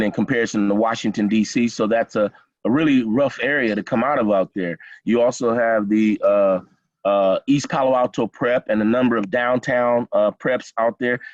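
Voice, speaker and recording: A man's voice: on the low side, a little mellow, dry recording. A middle-aged man leading an online class, encouraging and repeating himself with many fillers over a video call. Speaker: college program instructor. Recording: dull lo-fi video call audio.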